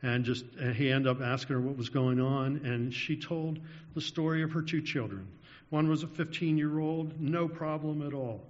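A man preaching a sermon, telling anecdotes with small chuckles and then slowing into a prayer. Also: fairly high pitch, steady tone. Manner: anecdotal, chuckles through stories, slows down in prayer. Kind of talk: sermon storytelling ending in prayer. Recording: dull lo-fi sound with long hall reverb.

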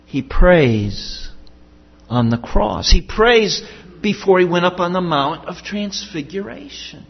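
High-voiced man preaching slowly in a hall. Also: lively intonation, slightly rough. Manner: earnest, emphatic, repeats key questions. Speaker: pastor. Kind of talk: sermon. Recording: dull sound with long hall reverb.

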